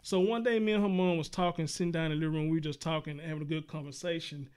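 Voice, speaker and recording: A man's voice: on the high side, steady tone, quick pace, a little mellow, clean tone. A man hosting a talk show, telling stories in a loose, casual way, swearing freely and calling listeners dude and brother. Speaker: show host.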